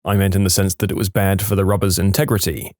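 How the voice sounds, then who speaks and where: A man's voice: low-pitched, fast, no echo, clean studio sound. A man reading funny short stories aloud as a narrator, with wry asides and acted-out quotes. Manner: lively storytelling, acts out quotes, wry asides. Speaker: storytime narrator.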